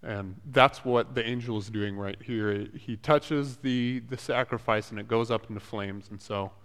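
A man's voice: fairly low pitch, fairly even intonation, unhurried, a bit bright, smooth. A man giving a casual Bible lesson, retelling scripture in his own words with frequent restarts and a conversational manner. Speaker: Bible teacher. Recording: long hall reverb.

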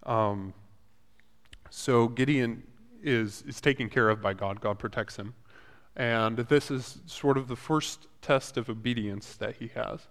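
A man's voice: medium pitch, a little slow, fairly bright tone. A man giving a casual Bible lesson, retelling scripture in his own words with frequent restarts and a conversational manner. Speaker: Bible teacher. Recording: long hall reverb.

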